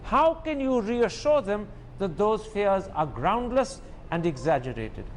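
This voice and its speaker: A man anchoring a TV news debate, sardonic and quick to interrupt his guests. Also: high voice, big pitch swings, a little hiss or hum. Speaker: TV debate host. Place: TV studio.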